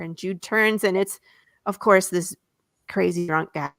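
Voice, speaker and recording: A woman comics creator, a guest chatting casually and retelling her comic's pages in an animated way. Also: on the low side, measured pace, creaky, dry recording, clean studio sound. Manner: animated storyteller, voices characters, laughs often.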